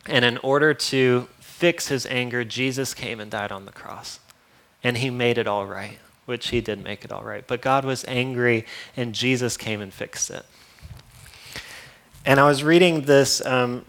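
A man delivering a sermon in a mid-range voice. He is earnest but teasing, slipping in sarcastic asides and little chuckles. His volume swings from loud, pressing emphasis down to quiet, hushed lines. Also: mid-range voice. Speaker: preacher.

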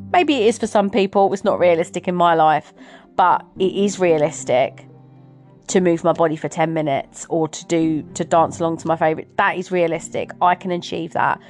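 A middle-aged woman talking earnestly and encouragingly as host of a motivational talk. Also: on the low side. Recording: soft music behind.

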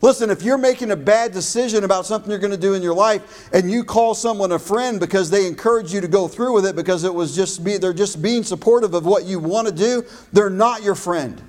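A man with a high voice preaches a sermon. His delivery is emphatic, and he slows and stresses his key phrases. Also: darkish tone. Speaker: pastor.

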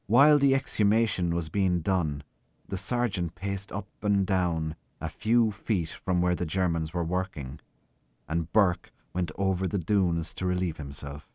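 A man reading a short story aloud in a measured, unhurried way. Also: sits low, a little mellow, no room sound. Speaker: guest reader.

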